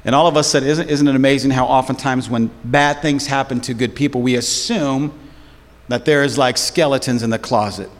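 A man's voice: medium pitch, fairly even intonation, a little fast. A man preaching a sermon as pastor, storytelling in casual slang and with animation. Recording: long hall reverb.

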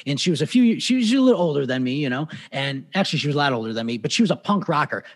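Chatty male podcast host, slightly high. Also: very animated, rapid-fire. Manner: chatty storyteller, acts out quoted voices. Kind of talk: casual interview chat.

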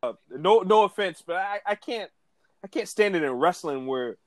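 A man co-hosting a casual wrestling podcast, talking in animated slang and laughing often. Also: sits high, moderate pace, no room sound. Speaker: podcast co-host.

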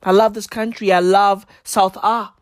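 A man from South Africa doing a satirical comedy monologue in heavy slang, ironic, building to loud outbursts. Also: high-pitched, flat delivery, normal speed, no echo, clean studio sound.

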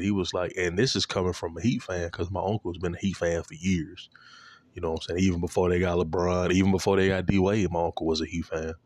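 Deep-voiced young man rambling casually. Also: a little mellow. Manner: loose, profane, full of fillers and slang. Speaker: vlogger.

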